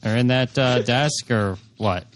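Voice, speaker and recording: A man's voice: mid-range voice, measured pace, very noisy. A man playing his character in a tabletop game, bumbling and hesitant. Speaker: player.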